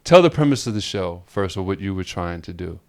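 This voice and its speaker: A man with a fairly low voice spins a long, animated story on a podcast. He rambles, circles back and laughs often in easy, casual chat. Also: brisk. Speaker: podcast co-host.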